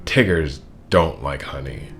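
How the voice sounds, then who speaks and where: A man's voice: on the low side, wildly swooping pitch, normal speed, soft background music. Man doing Tigger, a bouncy cheerful tiger. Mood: decided. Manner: cheerful, boastful.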